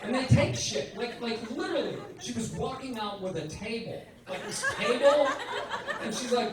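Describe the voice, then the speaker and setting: A man's voice: high voice, expressive, moderate pace, a loud crowd. A man in his sixties doing a stand-up set, ranting in a profane, exasperated way. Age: 60s. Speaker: stand-up comedian. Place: comedy club stage. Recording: echoey club from a distance, loud noise.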